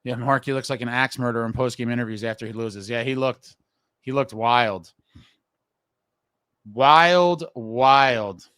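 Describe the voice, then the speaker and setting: A man's voice: medium pitch, steady tone, fairly quick, a bit bright, dry recording. A man hosting a live fan show and reading viewer comments aloud, blunt and frustrated and swearing casually. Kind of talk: casual live-stream talk.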